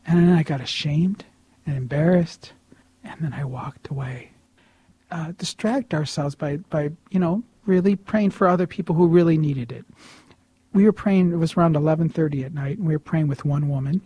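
A man tells a personal story with lots of energy, his voice fairly high for a man. He swings from loud bursts to hushed asides. The recording is dry and close. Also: moderate pace, breathy edge, dry recording. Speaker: storyteller sharing a personal testimony.

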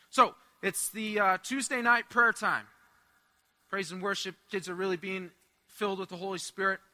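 A young man with a high voice preaches a sermon, animatedly telling a personal story full of asides and laughter.

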